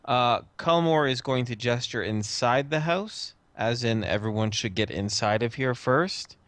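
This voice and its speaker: A man's voice: medium pitch, animated, measured pace, fairly bright tone, no echo. A man playing a tabletop game, describing what his character does in the third person. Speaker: player. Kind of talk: casual tabletop role-play.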